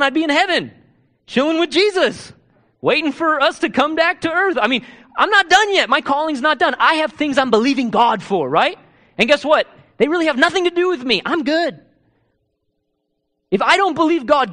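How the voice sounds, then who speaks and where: A male pastor preaching a sermon, asking rhetorical questions and swinging between hushed, intimate moments and loud, urgent ones. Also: extremely high pitch.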